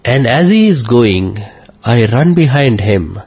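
Guy from india telling a personal story, earnest, halting, slightly raspy, dull muffled audio. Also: medium pitch, sing-song. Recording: muffled lo-fi recording.

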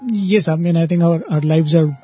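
A man's voice: fairly high pitch, normal speed, slightly rough, muffled recording, soft background music. A man in a casual reflective chat, speaking thoughtfully and a little hesitantly.

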